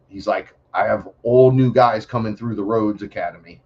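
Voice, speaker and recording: A man telling stories in a casual interview, animated and profane, acting out other voices as he talks. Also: on the low side, moderate pace, dull audio. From New York City. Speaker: podcast guest.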